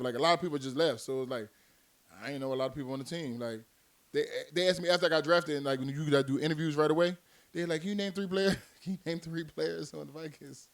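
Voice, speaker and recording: A man, a former football player, telling long rambling stories in casual chat, laughing often between his points. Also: mid-range voice. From Miami, United States. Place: recording studio.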